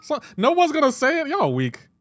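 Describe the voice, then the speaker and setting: A young man live-streaming a mobile game, joking back and forth with his chat in a casual, animated way. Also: very high-pitched, brisk, no room sound, clean studio sound.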